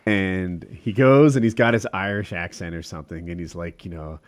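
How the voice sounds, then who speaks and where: A man's voice: low voice, normal speed. A man co-hosting a podcast, telling anecdotes in a jokey way. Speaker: podcast co-host. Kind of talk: casual podcast storytelling.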